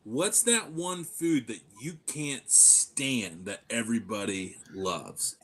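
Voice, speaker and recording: A man in a casual chat, telling a story in a lively way and acting out what others said. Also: medium pitch, slow pace, slightly rough. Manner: lively, acts out quotes in storytelling.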